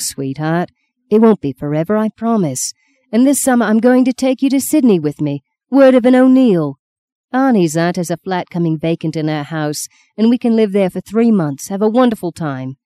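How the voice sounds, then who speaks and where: A woman's voice: lowish voice, lively intonation, normal speed, dark tone, dry recording, natural voice. A woman voicing a coaxing young husband. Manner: wheedling, then stiffly offended. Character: young male husband, coaxing and self-serving.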